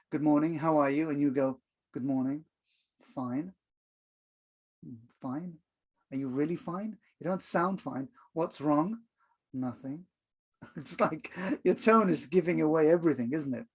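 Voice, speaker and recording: A man's voice: fairly high pitch, gravelly, a little mellow. A man coaching on workplace communication in an online video lesson, talking conversationally with plenty of fillers and acting out little dialogue examples.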